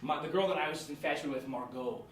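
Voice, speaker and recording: A young American man telling a personal story on stage, animated and laughing as he goes. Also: a little high, fast talker. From United States. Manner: animated, laughing between lines. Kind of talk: live storytelling. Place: small theatre with live audience. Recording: echoey room, far from mic, audience.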